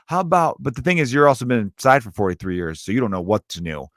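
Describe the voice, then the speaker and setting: A man's voice: quick pace, no room sound, clean studio sound. Profane ranting comedian man. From Chicago, USA. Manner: animated, profane, swings from loud to low. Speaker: stand-up comedian and podcaster. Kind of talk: comedic rant.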